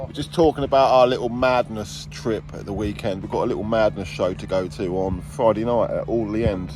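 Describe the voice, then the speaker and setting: A man's voice: on the low side, a little fast. Chatty tradesman vlogging outdoors. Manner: chatty, banterous, rambling. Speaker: vlogger, landscaping business owner. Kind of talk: casual on-site vlog chat. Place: outdoors on a work site.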